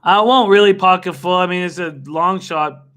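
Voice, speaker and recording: A young man hosts a casual live stream, excitable and quick to laugh as he reacts to viewers by name. His voice sits high for a man and rings bright and forward. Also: clear, resonant tone. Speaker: livestream host betting on horse races.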